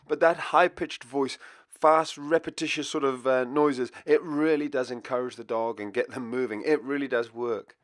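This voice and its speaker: A man's voice: mid-range voice, normal speed, no echo, clean studio sound. A man who trains dogs, giving an upbeat, explanatory voice-over lesson. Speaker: dog trainer. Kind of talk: instructional voice-over.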